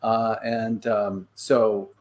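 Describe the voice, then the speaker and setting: A man's voice: on the low side, flat delivery, drawn-out words. A man with a New York accent, a guest on a video-call podcast, earnest and emotional as he talks. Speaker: guest, actor. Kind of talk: casual chat.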